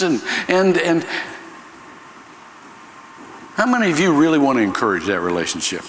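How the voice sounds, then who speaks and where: High-pitched guy preaching, swoops all over, echoey church hall. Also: sing-song, fast, hardly any pauses, fairly bright tone, slight background noise. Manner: emphatic, conversational preaching, repeats words. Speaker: pastor. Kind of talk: sermon. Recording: echoey hall reverb with faint ambience.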